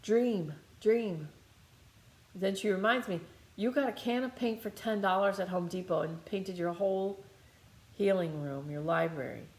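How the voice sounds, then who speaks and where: A woman's voice: medium pitch, measured pace, darkish tone, echoey room. A woman giving a loose, conversational guided healing meditation with lots of fillers and restarts. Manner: rambling, conversational, many fillers. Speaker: meditation teacher. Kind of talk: guided meditation talk, channeling.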